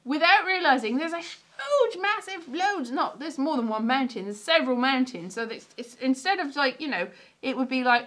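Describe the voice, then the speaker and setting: A woman's voice: fairly high pitch, lively intonation, normal speed, a bit bright. A woman from Wales, a comedian, chatting casually on a livestream from her stairs, rambling, greeting viewers and restarting sentences. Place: sitting on stairs at home.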